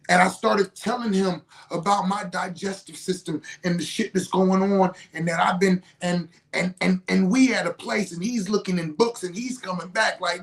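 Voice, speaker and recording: Middle-aged woman podcast host, fairly low voice, animated cussing storyteller. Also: a little slow. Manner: animated and profane, acting out other people's lines with big pitch jumps. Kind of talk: casual storytelling.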